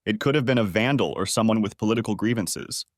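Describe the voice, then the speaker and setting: A man's voice: lowish voice, fast talker, no room sound, clean studio sound, lightly acted. A man voicing a distraught cheating wife. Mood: accusing. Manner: pleading, tearful, defensive. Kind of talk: story reading.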